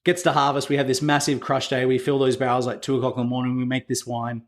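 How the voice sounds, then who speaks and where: A man's voice: mid-range voice, completely flat delivery, fast. A man telling winery anecdotes. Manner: anecdotal, acts out quoted dialogue with filler words. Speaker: winery executive, interview guest. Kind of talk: casual storytelling interview.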